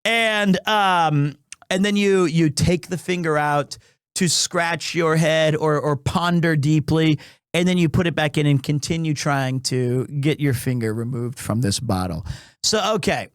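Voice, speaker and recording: High-voiced man rambling on a live stream. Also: a little slow, clean tone, no echo, clean studio sound. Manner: rambling, full of restarts and self-corrections; joking and playful with chat. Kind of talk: casual live-stream chat.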